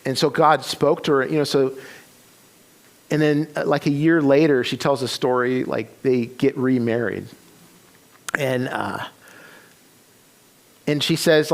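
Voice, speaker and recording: A man's voice: mid-range voice, vocal fry. A man preaching a sermon, retelling a story with many restarts and quoted voices. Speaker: pastor. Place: church sanctuary.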